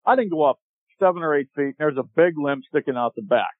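A man telling a long hunting story as a podcast guest, animated and laughing as he goes. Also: on the high side, fast talker, no echo. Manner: animated, laughs while telling, acts out shouted quotes. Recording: tinny dry phone-line audio.

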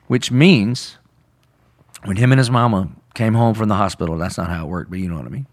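Brief pastor man, lowish voice, earnest conversational preaching, dramatizes quotes. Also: a little fast. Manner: earnest, conversational, acts out quotes with rising intensity. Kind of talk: sermon-style podcast discussion.

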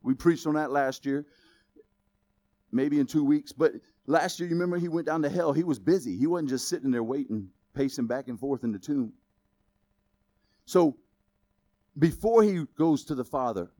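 A man preaching a sermon as pastor, in a casual, conversational way that builds up to loud exclamations. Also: a little high, lively intonation, normal speed, pauses often, no room sound.

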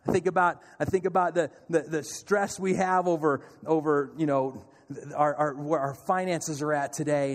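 Male pastor, high voice, lively sermon with acted-out panic and soft calm replies, long hall reverb. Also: moderate pace.

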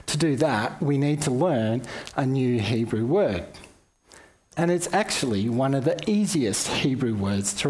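A man's voice: medium pitch, a little mellow. A man with an Australian accent giving a conversational Bible teaching, with casual asides to his listeners. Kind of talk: sermon-style Bible talk.

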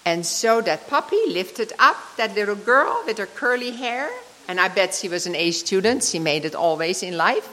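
This older woman's sermon centers on a heartfelt personal story, told with emotion, and ends as she leads a gentle prayer in a devotional talk. Her medium-pitched voice is expressive and moderately paced with hardly any pauses, echoing with a large hall's long reverb.

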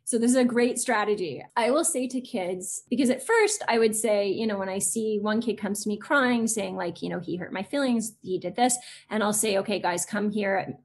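A woman's voice: mid-range voice, normal speed, a little hiss or hum. A woman in her forties talks casually as a guest on an interview show. She is chatty, fills her sentences with little fillers, and slips into other voices when she quotes children. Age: 40s. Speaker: guest, educator.

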